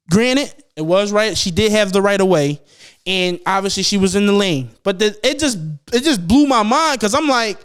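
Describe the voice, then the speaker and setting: Young male podcast host, high and clear, swears freely while spinning loose animated stories. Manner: animated, profane storytelling with slang. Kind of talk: casual podcast chat.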